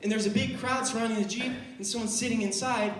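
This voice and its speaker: Young guy doing stand-up, telling stories and doing everyone's voices, high and bouncy, echoey live room. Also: quick pace. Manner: animated storytelling, acting out voices of others. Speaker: stand-up comedian. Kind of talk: stand-up comedy set. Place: college comedy venue with audience. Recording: roomy distant live recording, noisy. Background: audience laughter.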